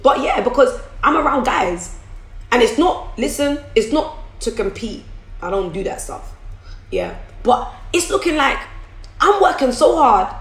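A woman speaks openly to her viewers about her business, calling them guys and circling back over her words. Her voice sits a little high. The room around her is echoey. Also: sing-song, measured pace. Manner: candid, repeats and restarts, addresses viewers as guys. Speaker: business owner vlogger. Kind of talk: casual motivational talk to camera. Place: room at home.

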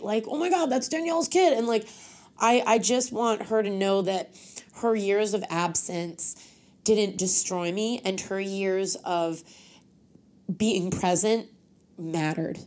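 A woman's voice: mid-range voice, darkish tone. A young woman from North Carolina, a singer guesting on a podcast and talking frankly and with feeling, with a lot of "like" in her speech. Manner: frank and heartfelt, heavy with filler "like". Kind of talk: candid podcast conversation.

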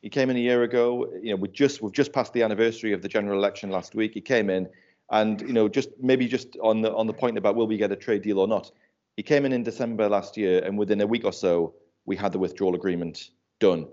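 A man's voice: on the low side, steady tone, fast, darkish tone. A man in a casual panel chat, talking loosely and laughing while he tells anecdotes. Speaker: panel guest. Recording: dull lo-fi sound.

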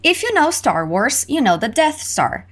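Slow, lively woman teaching English phrases. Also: sits high. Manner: lively, exaggerated intonation for learners to repeat. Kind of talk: slow, clear repetition drills.

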